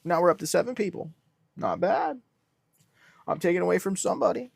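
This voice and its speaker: A young man hosting a casual livestream, reading comments with a deadpan businessman act. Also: sits high, a little fast, vocal fry, slightly rough, dry recording. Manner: deadpan self-styled businessman persona. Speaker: livestream host.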